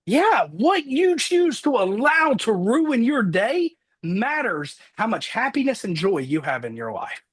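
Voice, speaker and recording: A man giving a fervent motivational talk, slowing down and rising for emphasis. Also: very high-pitched, very animated, breathy edge. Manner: fervent, preacher-like, swings loud and slow for emphasis. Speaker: top-producing insurance agent, guest.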